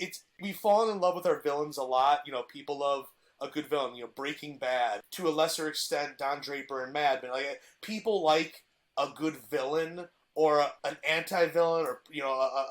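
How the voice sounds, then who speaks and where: A man's voice: a little high, normal speed. A man in casual podcast chat, eagerly retelling a TV plot with frequent restarts. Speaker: podcast guest presenting a TV villain.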